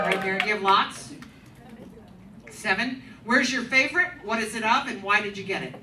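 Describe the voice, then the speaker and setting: A woman's voice: medium pitch, fairly quick, distant mic, very noisy. A woman in her fifties performing a brash, profane stand-up set with crowd work in a comedy club. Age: 50s. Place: comedy club stage with live audience. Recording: roomy club sound, loud crowd laughter.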